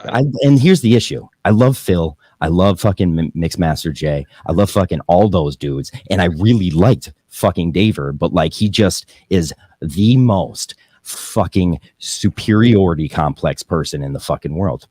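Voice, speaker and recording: A man's voice: low-pitched, expressive, moderate pace, few pauses, mellow, dry recording. A young man hosting a podcast, talking casually, profanely and in a rambling way, often laughing. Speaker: podcast host.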